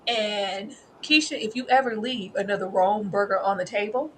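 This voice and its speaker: A woman co-hosting a TV review in casual, animated chat, calling people "girl" and "baby.". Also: medium pitch, a little fast, slight background noise, rough recording. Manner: animated, slips into playful character voices and laughs often; familiar, peppered with "girl" and "baby". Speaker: co-host reviewing a TV series.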